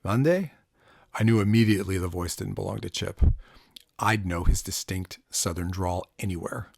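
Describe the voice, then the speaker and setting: A man narrating a first-person noir audiobook in a measured way, sometimes dropping to a hush. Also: deep voice, flat delivery, creaky, slightly rough, dry recording, studio quality.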